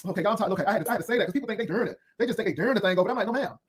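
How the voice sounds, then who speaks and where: A man with a notably high voice rattles off sassy, cutting commentary at a breakneck clip. He rambles from one put-down to the next as he hosts his own video. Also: rapid-fire. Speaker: YouTube commentary host. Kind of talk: unscripted drama commentary.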